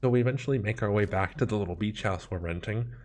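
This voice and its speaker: A man telling a comedic personal story, animated and self-mocking, with dramatic asides. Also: on the low side, fast.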